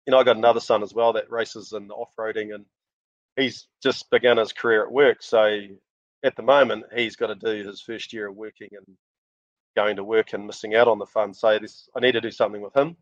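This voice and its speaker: A man's voice: lowish voice, a little fast, dry recording. A middle-aged man with a New Zealand accent, a rally driver telling stories as the guest in a casual podcast interview, laughing often. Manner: animated storyteller, laughs often. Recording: dull lo-fi dry sound.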